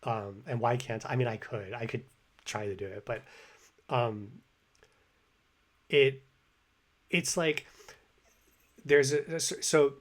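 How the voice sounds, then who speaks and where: A man's voice: medium pitch, takes it slowly, pauses often. A man hosting a language-learning video, a native English speaker talking casually and rambling with many restarts. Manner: rambling, lots of fillers and restarts. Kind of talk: casual commentary.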